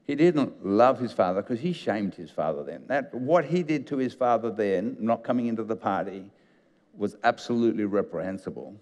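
A man's voice: on the low side, moderate pace, in a large hall. A man, a pastor, preaching a sermon in a chatty storytelling way and acting out the scenes he retells. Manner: conversational storytelling, animated retelling. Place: church auditorium.

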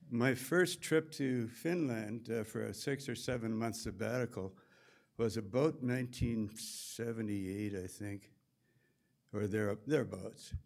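A man's voice: on the low side, vocal fry, a little mellow. Older Canadian man telling wry stories. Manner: storytelling, wry, unhurried. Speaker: memorial speaker. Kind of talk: anecdotal memorial talk.

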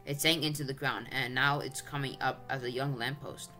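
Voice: mid-range voice, fairly even intonation, moderate pace, sharp tone, faint music behind, close to an everyday voice. A reader voicing an earnest young boy. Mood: eager. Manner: earnest, pleading.

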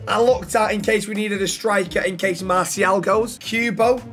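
A high-pitched man talks through a football management game in a chatty, excitable way. He trades cheeky banter with the in-game figures as he goes, and faint music plays underneath. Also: moderate pace. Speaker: gaming YouTuber. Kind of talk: gaming commentary.

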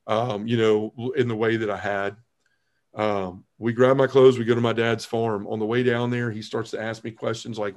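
A man, a podcast guest telling his personal conversion story in an earnest, halting way, often restarting his phrases and dropping his voice at heavy moments. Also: a little mellow. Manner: earnest storytelling, halting restarts, drops low when emotional.

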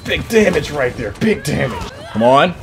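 Excitable gamer man, animated voice. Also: fairly high pitch, normal speed. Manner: excitable, swearing, laughing often. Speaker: gaming YouTuber. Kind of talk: live gameplay commentary. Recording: faint game music behind.

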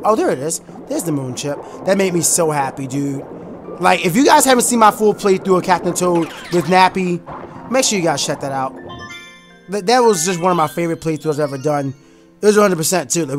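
A man gives let's play commentary on a video game in a slightly high, chatty voice. He is excitable, bursts into shouts and half-sung lines when thrilled, and faint game music plays underneath. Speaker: gaming YouTuber.

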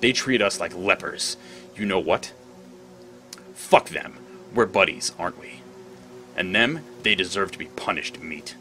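A man reading the lines of a sly talking wolf from a horror video game, in a slow, low, conspiratorial voice. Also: sharp tone, faint music behind, heavily acted. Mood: menacing.

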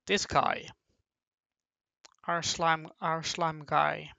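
Commentator, halting and playful, very slow and gravelly; dull dry lo-fi mic. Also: medium pitch, little pitch movement, sharp tone, no room sound. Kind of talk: casual commentary while drawing.

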